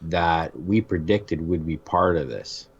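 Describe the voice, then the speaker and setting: Deep, slow-talking male podcast co-host. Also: breathy edge. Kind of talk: casual wrestling podcast chat. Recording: dull lo-fi audio.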